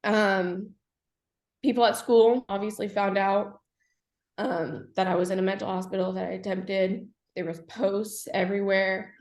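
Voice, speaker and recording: Young woman, podcast guest; candid, halting delivery full of fillers; mid-pitched, echoey room. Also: flat delivery, darkish tone. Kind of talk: personal story in a podcast interview.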